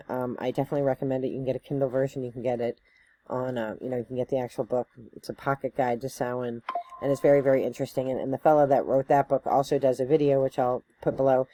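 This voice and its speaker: A woman's voice: rumbling low, fairly even intonation, quick pace, dark tone, dry recording. A woman giving a casual educational talk to camera, conversational and loose, with many fillers, tag questions and self-corrections as she thinks aloud. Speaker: spiritual teacher.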